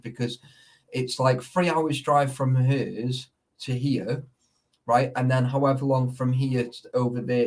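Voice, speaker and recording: A man's voice: medium pitch, darkish tone, recorded from a distance. A man in casual chat, rambling and swearing, forever checking that the listener follows. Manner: sweary, rambling, keeps asking "you know what I mean".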